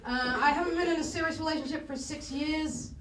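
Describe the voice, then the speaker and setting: A woman with a high, brisk voice performs a stand-up set on a comedy club stage, rambling and self-deprecating and often laughing at her own jokes. She's recorded from a distance in an echoey club room, with the mic heard from afar and a loud crowd.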